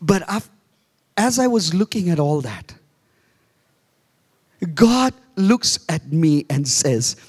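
A man preaches in a slow, deliberate way, his voice sitting a touch high for a man. He moves between quiet asides and emphatic raised lines. The sound carries the long echo of a church hall. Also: big pitch swings, breathy edge. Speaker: pastor. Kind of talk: sermon.

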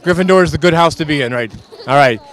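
A man's voice: fairly high pitch, quick pace, a bit bright, a faint crowd, natural voice. A man playing a Transylvanian count who claims to be a businessman, speaking in broken English and playfully reassuring children at an outdoor Halloween parade. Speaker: street interviewer.

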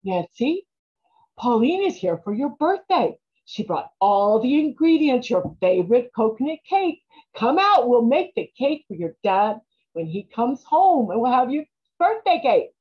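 A woman acts out a grieving mother in a stage monologue, tearful and halting, stumbling over her words. Her voice is fairly high and husky. The recording sounds dull and lo-fi. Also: very animated, full character voice. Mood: coaxing. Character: grieving farm-raised mother, tearful and pleading.

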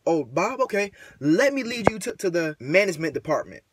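A man's voice: sits high, sing-song, brisk, breathy edge, heavily acted. A man putting on the voice of a polite, overly formal corporate male receptionist. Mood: mock polite.

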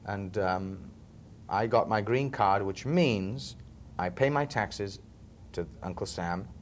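Slight background noise accompanies a lowish, slow-paced male voice. The speaker is an English film actor from Liverpool, easygoing in an interview, telling stories chattily and chuckling from time to time.

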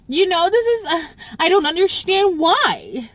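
A woman with a high voice talks straight to camera in a personal vlog. She is tearful and speaks slowly, stopping, restarting and repeating whole phrases as she goes. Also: lively intonation, slight background noise. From Southern US. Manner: halting, repeats herself, restarts often. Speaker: YouTuber.

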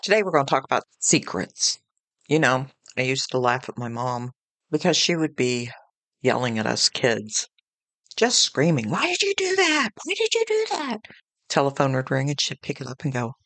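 Speaking in a deep, bass voice with a bit of brightness, a woman hosts a devotional podcast with no room sound. Her manner is earnest and chatty, and she works in homey anecdotes.

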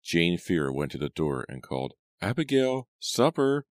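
A man narrating a spooky audiobook in a steady, measured storytelling manner. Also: very deep voice, no echo, clean studio sound. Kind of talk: scripted narration.

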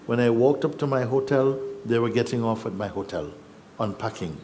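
A man telling a personal story in a reflective, halting way, acting out what others said. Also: medium pitch, darkish tone, a little hiss or hum. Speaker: spiritual teacher.

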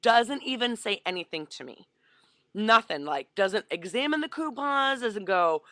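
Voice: mid-range voice, lively intonation, measured pace, bright, forceful tone, dry recording. A vlogger telling a story casually into a webcam, acting out the voices of the people in it.

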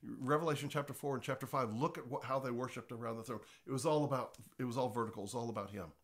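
A man's voice: mid-range voice, fast. Pastor guy teaching, kinda congested, earnest and chatty, keeps restarting words. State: slightly congested voice. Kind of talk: informal teaching talk.

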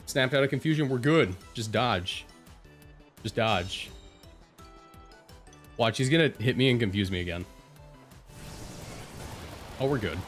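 A man giving jokey, excitable live commentary over his own gameplay, talking back at his opponents. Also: mid-range voice, moderate pace, long pauses, soft background music. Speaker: video game streamer.

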